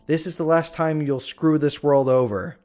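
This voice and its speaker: A man doing a low, sinister captor. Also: fairly even intonation, normal speed, a little mellow, clear, resonant tone, soft background music, lightly acted. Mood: menacing. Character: menacing young man captor, calm and vengeful.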